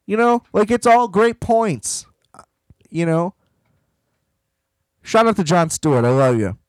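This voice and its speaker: A man hosting a podcast in casual chat, rambling and animated, swearing freely. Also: high-pitched, takes it slowly, no room sound, poor audio. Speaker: podcast host.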